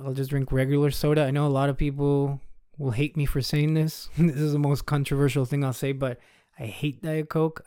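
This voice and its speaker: Mellow-voiced male podcast host. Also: on the high side, clean tone, dry recording, clean studio sound. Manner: loose and conversational, chuckling as he tells it. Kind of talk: casual storytelling monologue.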